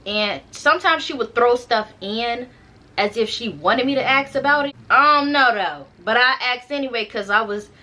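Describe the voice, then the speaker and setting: A woman's voice: on the high side, moderate pace, sharp tone. Chatty young woman telling a story. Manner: chatty, slangy, addresses viewers directly. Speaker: storytime vlogger. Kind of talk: casual storytelling to camera.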